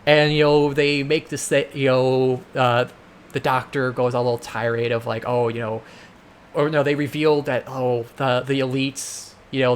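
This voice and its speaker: A man's voice: mid-range voice, slight background noise. Rambling man talking over gameplay. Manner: rambling, full of filler words; exasperated ranting. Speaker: let's play host. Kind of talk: casual gameplay commentary.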